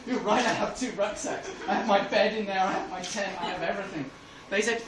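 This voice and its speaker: An English man does stand-up in a club, his voice sitting high and moving a little fast. He tells stories and laughs through his own jokes before a live audience. The recording is noisy and echoey, captured from far off.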